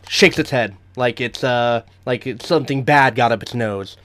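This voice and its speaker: A man's voice: medium pitch, a little slow, sharp tone. A man running a tabletop game as game master, narrating the action vividly and chatting with frequent fillers.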